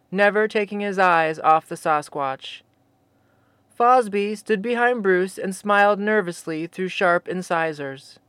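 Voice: mid-range voice, fairly bright tone, smooth, dry recording. Wry storyteller, dry close sound. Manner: wry, teasing asides to the listener. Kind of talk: casual story narration with asides.

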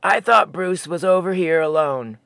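A narrator voicing a huge, mellow male Sasquatch who is a stoner, speaking in a sheepish, relaxed drawl. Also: mid-range voice, moderate pace, creaky, dry recording.

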